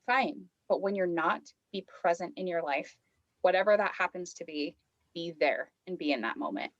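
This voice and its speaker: A woman guest on a podcast, chatting casually and telling an animated story full of fillers and acted-out quotes. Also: fairly low pitch, moderate pace, no echo, lo-fi sound. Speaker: podcast guest, lifestyle coach. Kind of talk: casual chat.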